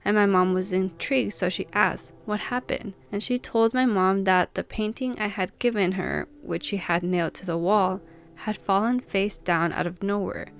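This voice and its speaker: A woman hosting a channel, reading viewers' submitted stories aloud and chatting casually about them. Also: mid-range voice.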